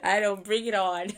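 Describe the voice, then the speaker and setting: A woman giving a casual spiritual reading to camera, talking bluntly and irreverently with laughing asides. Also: mid-range voice. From Canada. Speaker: psychic reader.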